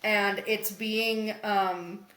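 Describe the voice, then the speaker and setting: A woman's voice: medium pitch, extremely slow. A woman co-hosting a podcast, casually and animatedly recapping a comic and acting out the characters' lines. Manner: animated storytelling, acts out characters' lines, laughs often. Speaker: podcast co-host. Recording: echoey room.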